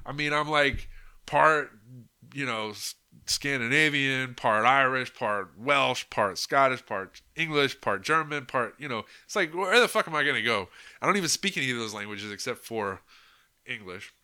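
A man's voice: medium pitch, expressive, moderate pace, bright, forceful tone, clean tone. A man talking in a casual, unscripted monologue, rambling and swearing freely, with lots of "you know" and "like". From United States. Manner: rambling and profane, heavy with "you know" and "like" fillers. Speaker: podcast host.

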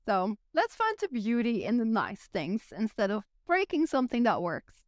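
A young woman with a Flemish accent talks in an easy, chatty way and leans on "like" as she goes. Her voice sits a little high. The sound is dry and close. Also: big pitch swings, moderate pace, dry recording. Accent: Flemish Belgian. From Belgium. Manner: chatty, says "like" a lot. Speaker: guest. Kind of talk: casual podcast chat.

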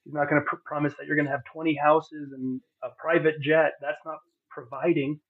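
Earnest husky man on a thin line. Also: a little high, level tone, brisk. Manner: earnest, heartfelt, many fillers and restarts. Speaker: podcast guest. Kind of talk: candid personal testimony. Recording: phone-like narrow sound.

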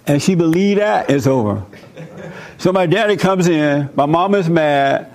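An older man preaching to a room, with a voice pitched a touch higher than most men's. He tells his story in an animated way and jumps into the voices of the people in it. His delivery is lively and conversational. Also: measured pace. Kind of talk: sermon with role-play demonstration.

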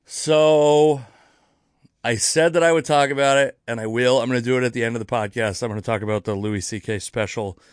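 Man, comedian, podcast host, casual solo chat, rambling, self-correcting, mid pitch, dry recording. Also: no room sound. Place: near Seattle.

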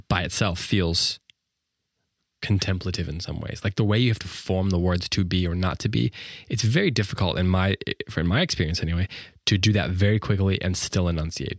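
A man hosting a poetry podcast, reflecting on a poem and then reading it aloud slowly and carefully. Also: deep voice, dry recording, clean studio sound. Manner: thoughtful, reflective, self-correcting; slows down and enunciates when reciting.

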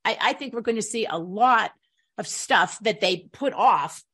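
A woman co-hosting a political talk show, chatty and quick to laugh, often restarting her sentences. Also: medium pitch, animated, fairly bright tone, slightly rough. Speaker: radio talk show co-host.

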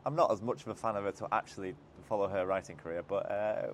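A man's voice: lowish voice, fairly even intonation, fast talker, a little hiss or hum. A man co-hosting a podcast, signing off outdoors by a dock with dry, teasing humor. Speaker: podcast co-host. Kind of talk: casual chat.

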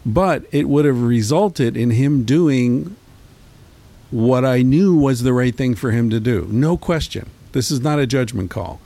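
A man's voice: mid-range voice, a little slow, gravelly, warm tone. A middle-aged man hosting his own show, telling a long story in a rambling, profane, casual way into a handheld mic. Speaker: podcast host. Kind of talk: casual solo monologue.

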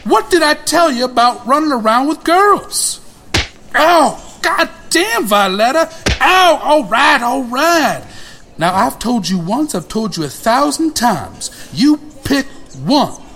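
A man's voice: extremely high pitch, sing-song, slow, pushed and bright, a little hiss or hum, pitched above the performer's own voice, heavily acted. A man voicing a sassy, scolding elderly woman cook with a folksy drawl in a comedic audio drama.

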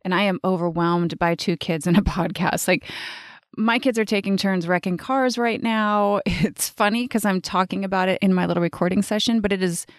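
A woman's voice: mid-range voice, moderate pace, no echo, studio quality. A woman in her forties hosting her own life-coaching podcast, talking casually, bluntly and with plenty of swearing. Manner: blunt, profane and animated. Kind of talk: casual solo podcast monologue.

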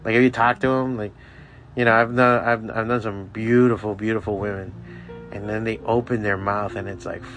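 Low-voiced man ranting on a podcast. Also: steady tone, normal speed, fairly bright tone, soft background music. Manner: rambling, swears constantly, laughs at own jokes. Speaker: podcast host. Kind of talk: profane solo podcast rant.

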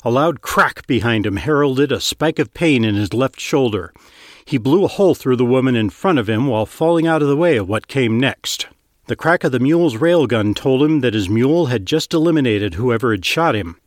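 A man reading scripted fiction narration in a steady, even storytelling manner, close to the mic. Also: mid-range voice, normal speed, no echo.

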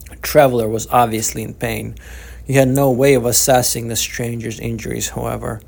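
A man reading his own novel aloud as the author, narrating in a steady, measured way. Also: mid-range voice, vocal fry. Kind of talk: audiobook narration.

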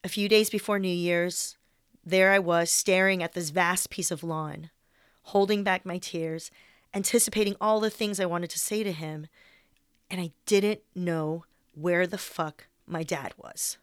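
A woman's voice: fairly low pitch, steady tone, a little slow, smooth, no echo, clean studio sound. A young woman reading her personal essay aloud in a candid, wry way, with some swearing.

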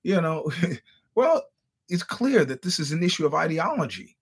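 A man's voice: a little high, very animated, moderate pace, slightly rough. A man hosting a podcast, telling stories in a casual monologue, wry and blunt, acting out the quoted dialogue and often stammering over restarts. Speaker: podcast host.

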